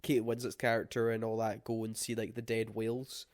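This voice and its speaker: A man co-hosting a film review chat, animated and exasperated, swearing freely. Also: fairly low pitch, brisk. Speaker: film review podcast co-host. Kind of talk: casual chat.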